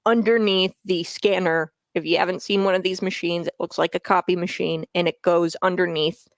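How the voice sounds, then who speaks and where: A woman's voice: lowish voice, steady tone, moderate pace, dry recording. Worked-up woman talk host. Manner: heated, worked up, repeating phrases for emphasis. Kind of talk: opinionated political commentary.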